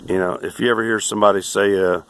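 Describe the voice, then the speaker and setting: Gravelly low-voiced texan man in his 60s, central texas accent, crude and cocky rant, sounds worn out and hoarse. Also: fairly even intonation, fast, a bit bright, dry recording. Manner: abrasive, crude, boastful. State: tired and hoarse. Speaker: vlogger. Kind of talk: ranting monologue to camera.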